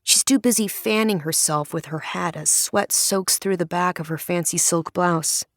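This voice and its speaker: A woman's voice: on the low side, moderate pace, no echo. A woman reading a first-person audiobook with a wry, sardonic storytelling manner into a close studio mic. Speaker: audiobook narrator.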